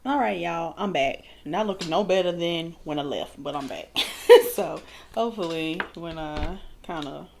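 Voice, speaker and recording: A woman's voice: fairly low pitch, gravelly, noisy background. A woman in her thirties telling a storytime while doing her makeup, chatty and laughing often. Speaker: vlogger.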